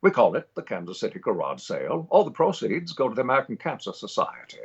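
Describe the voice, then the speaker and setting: A man putting on an old New England pitchman. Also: wildly swooping pitch, fast talker, gravelly, husky, muffled recording, exaggerated voice. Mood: folksy pitch. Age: 70s. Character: elderly New England man announcing a charity sale.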